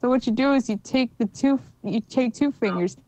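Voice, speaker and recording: A woman's voice: on the high side, a little mellow, slight background noise, rough recording. Giggly young woman on a stream. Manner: giggly, jokey, quick to laugh. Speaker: stream co-host. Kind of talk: casual chat on a stream.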